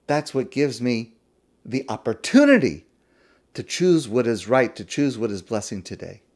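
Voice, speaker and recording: A man's voice: mid-range voice, big pitch swings, moderate pace, darkish tone. A man, a rabbi, giving a weekly Torah talk, stressing key words by repeating them.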